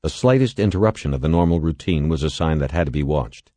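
A man narrating a novel as an audiobook in a measured, expressive way. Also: very deep voice, no room sound. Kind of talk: scripted narration.

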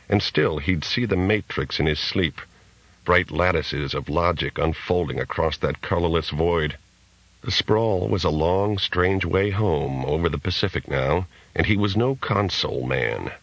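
A man narrating a novel as an audiobook in a measured reading. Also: deep voice, fairly bright tone, no echo, rough recording. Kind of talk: scripted narration.

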